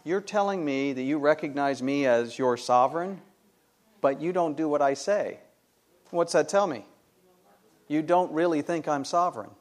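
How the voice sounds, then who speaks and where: Middle-aged pastor guy preaching, kinda high voice, keeps firing questions at the crowd and answering them. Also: moderate pace. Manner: emphatic, rhetorical questions to the congregation. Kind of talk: sermon.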